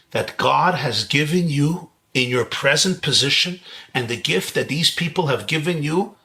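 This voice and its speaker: A man from Brooklyn quoting a wise rabbi in a slow, measured, persuasive way during a lecture. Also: fairly high pitch, sharp tone, full character voice. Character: calm, wise elderly male rabbi giving counsel.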